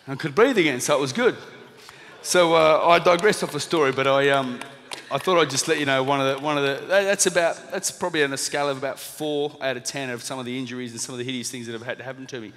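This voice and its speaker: Fast-talking Australian man in a hall. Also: mid-range voice. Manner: lively storytelling, acting out quoted lines, laughing at himself. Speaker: motivational speaker, former boxer. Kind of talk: anecdote told to a live audience. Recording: reverberant hall.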